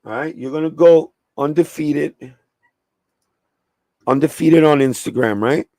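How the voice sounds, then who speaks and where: Gravelly New York man, sneaker livestream. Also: a little high, a little slow, dark tone, no echo. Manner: profane, streetwise, chatting with live viewers. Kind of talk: casual livestream chat.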